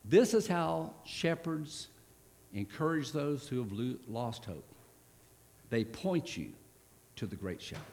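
A man preaching a sermon, stressing words hard and then dropping to a soft voice for key points. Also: medium pitch, sing-song, slow pace, vocal fry, pauses often. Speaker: pastor.

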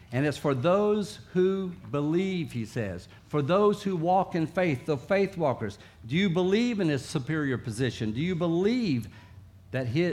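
A man preaching a sermon in a conversational way, sometimes acting out coaxing voices. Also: on the high side. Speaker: pastor.

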